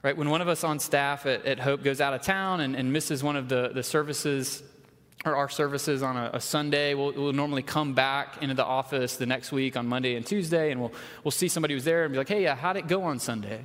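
A man's voice: medium pitch, steady tone, a little fast, fairly bright tone. A man preaching a conversational sermon, often acting out the lines he quotes. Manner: conversational, acts out quoted voices. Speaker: pastor. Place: church sanctuary. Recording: long church reverb.

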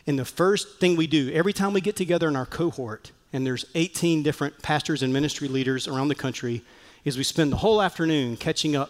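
A man preaching a sermon as pastor, animated and acting out the voices he quotes. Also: fairly high pitch, big-room sound. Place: church sanctuary.

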